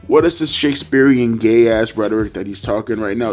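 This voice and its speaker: A man's voice: mid-range voice, moderate pace, hardly any pauses, soft background music. A man hosting his own channel, ranting to camera about pro wrestling in a blunt, profane and sarcastic way. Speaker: wrestling commentary vlogger. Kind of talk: casual rant to camera.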